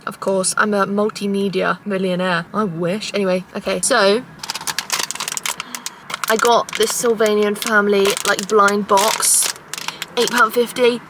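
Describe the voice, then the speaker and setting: A woman's voice: mid-range voice, flat delivery, measured pace, fairly bright tone. Young woman, casual car vlog, sweary storytelling, self-mocking, noisy traffic behind. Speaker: vlogger. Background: road and engine noise.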